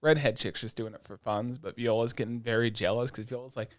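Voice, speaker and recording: Loose and profane, a man co-hosting a podcast recaps anime in casual chat, full of fillers and animated storytelling that acts out quotes. His medium-pitched voice moves a little fast in a dry recording.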